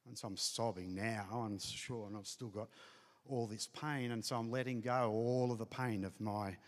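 A man's voice: on the low side, steady tone, normal speed. A middle-aged man telling an earnest personal testimony as a pastor speaking to a congregation. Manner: earnest storytelling, emotional, addresses congregation. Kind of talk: sermon testimony. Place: church hall. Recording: hall reverb.

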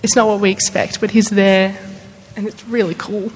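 A woman's voice: medium pitch, flat delivery, moderate pace, long reverb tail. A woman speaking as a panel guest in casual chat, giggly and saying "like" a lot.

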